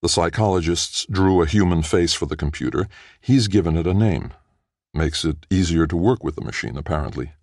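A man narrating a science fiction audiobook in a measured, even storytelling manner. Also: sits low, creaky, dry recording, studio quality. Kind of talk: scripted narration.

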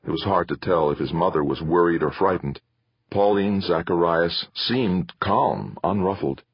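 A man narrating an audiobook in an even, descriptive storytelling manner. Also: low voice, normal speed, breathy edge, no echo, lo-fi sound. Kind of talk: scripted narration.

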